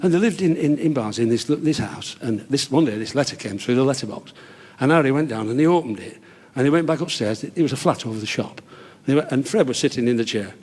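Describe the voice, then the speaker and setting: A man's voice: mid-range voice, expressive, quick pace, few pauses, a little mellow. A man telling old-school stand-up jokes in a chatty way, chuckling as he goes. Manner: chatty, chuckles between lines, broad punchlines. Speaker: stand-up comedian. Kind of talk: club stand-up joke telling.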